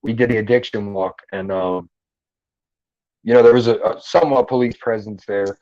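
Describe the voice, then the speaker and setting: A middle-aged livestream host with a lowish, dark voice speaks at normal speed with fairly even intonation. He chats loosely and profanely, joking as he reads viewers' live comments through a headphone-and-mic setup at his computer. The audio has no echo and the highs are cut off.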